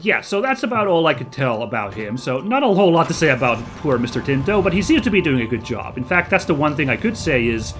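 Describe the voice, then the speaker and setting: Excitable man narrating his gameplay. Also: on the high side, fast, few pauses, soft background music. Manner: chatty, excitable, reacts aloud to gameplay. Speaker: let's play host. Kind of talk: casual gameplay commentary.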